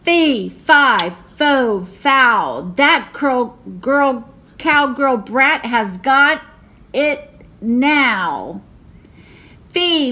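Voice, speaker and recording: A woman voicing a mean, hungry male giant who bellows rhymed threats slowly and loudly. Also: on the high side, full character voice.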